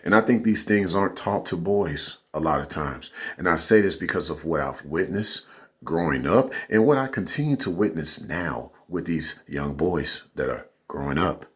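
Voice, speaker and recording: A man's voice: sits low, lively intonation, moderate pace, a bit bright. A man giving a casual, rambling opinion monologue as a vlogger, often checking in with "you know what I'm saying".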